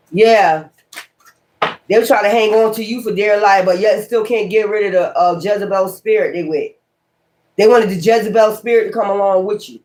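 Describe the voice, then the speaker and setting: A woman giving a casual tarot reading in a blunt, rambling, slangy way, swearing freely and repeating key words. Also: medium pitch. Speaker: tarot reader.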